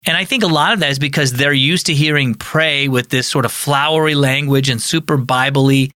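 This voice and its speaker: A man's voice: medium pitch, fairly even intonation, brisk, sharp tone, no echo, clean studio sound. A man who is a pastor and podcast host, giving an earnest, conversational teaching talk.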